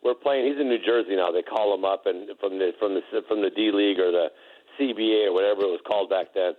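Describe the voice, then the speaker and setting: A man's voice: fairly low pitch, fast talker, narrow, tinny audio. A middle-aged man, a former basketball player, telling laughing anecdotes in a casual interview, with lots of restarts.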